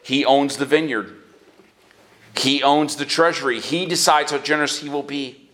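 A man preaching a sermon as pastor, moving between quiet earnest stretches and high, emphatic rises. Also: normal speed. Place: church sanctuary. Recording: echoey church hall.

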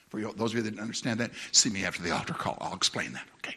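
A middle-aged man preaching a sermon, telling a story with humor, laughing often and mimicking other people in a high voice. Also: big pitch swings, fast, fairly bright tone, breathy edge.

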